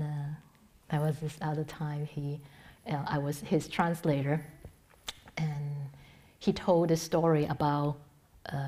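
Here a middle-aged woman teaches a Buddhist dharma talk, speaking low and halting. Sentences break off and start again amid plenty of fillers, while her voice frequently sinks to a soft, breathy near-whisper.

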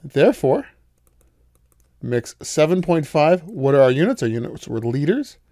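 A man's voice: on the high side, sing-song, a little slow, mellow, no room sound. Guy lecturing math step by step, patient, super dry close sound. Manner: patient, explains step by step with questions to students. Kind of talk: recorded lecture.

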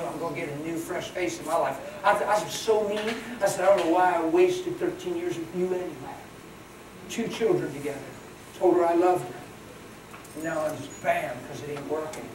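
A man preaching a sermon as a pastor, plain-spoken, swinging between hushed and loud. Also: a little high, noisy background. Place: large church hall. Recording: echoey hall from far off.

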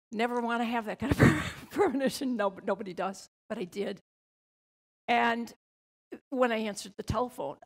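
Older woman, gravelly voice with some fry, earnest and reflective storyteller at a conference panel. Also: medium pitch. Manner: earnest, reflective, with soft laughs. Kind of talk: personal storytelling talk.

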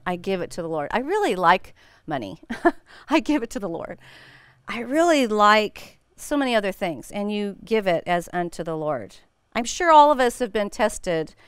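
A woman's voice: medium pitch, smooth, dry recording, clean studio sound. A middle-aged woman leading a women's Bible study, talking casually and telling stories with frequent laughs. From United States. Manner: animated storytelling with frequent laughs.

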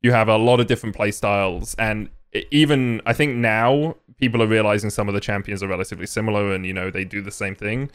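A man's voice: fairly low pitch, fairly even intonation, quick pace, hardly any pauses, clear, resonant tone. A man with an English accent, a guest speaking in a casual podcast conversation who explains things thoughtfully at length. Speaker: esports caster, podcast guest.

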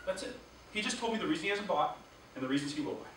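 Man, sales trainer, lively classroom lecture, rhetorical questions, noisy distant recording. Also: on the high side, rapid-fire. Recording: echoey room, distant mic, background noise.

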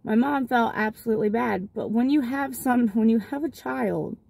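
A woman's voice: a little high, normal speed, creaky, mellow, husky, no echo. A young adult woman and mother telling a story in a rambling, casual way from her car, with lots of fillers and restarts. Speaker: vlogger and mother.

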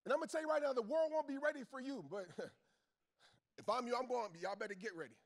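Guy with a really high voice preaching motivation at a crowd, punchy, repeats his big lines, slangy. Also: brisk. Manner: casual Southern slang, talks straight to the crowd. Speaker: motivational speaker; football coach, father. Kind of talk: motivational speech to a live audience.

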